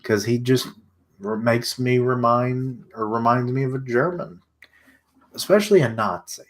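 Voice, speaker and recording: A man's voice: medium pitch, a little slow. A young man streaming a live comic readthrough, making crude joking asides, with a stuffy nose.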